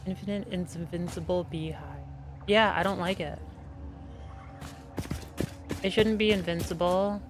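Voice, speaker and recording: A woman's voice: lowish voice, fairly even intonation, unhurried, pauses often. Chatty woman streamer over music. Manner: chatty, reads chat aloud and talks to her cat. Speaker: game streamer. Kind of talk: casual live-stream chat. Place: home office. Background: background music.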